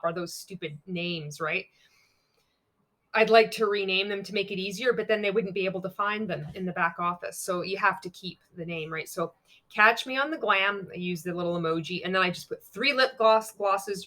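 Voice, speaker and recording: A woman's voice: medium pitch, fairly bright tone. A young adult woman vlogging in casual chat, candid and blunt, swearing freely and laughing at herself. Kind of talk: casual chat walking through examples.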